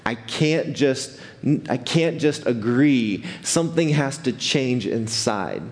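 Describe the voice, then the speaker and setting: Pastor giving a lively, chatty sermon in a church hall with a long echo, mid-pitched man's voice. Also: takes it slowly. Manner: animated, conversational preaching with restarts. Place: church sanctuary.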